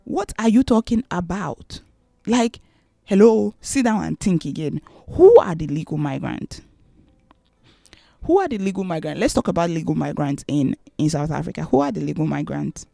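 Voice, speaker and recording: A woman's voice: deep voice, very animated, normal speed, vocal fry, mellow, no room sound, clean studio sound. A young woman vlogging her opinions, exasperated and rhetorical, repeating her questions for emphasis. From Nigeria. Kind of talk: opinionated commentary to camera.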